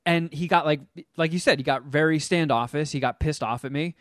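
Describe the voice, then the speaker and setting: A man hosting a podcast, telling a story in casual chat, animated and profane. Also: fairly high pitch, a little fast, no room sound, studio quality. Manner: animated, profane, acts out the people he quotes. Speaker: podcast host.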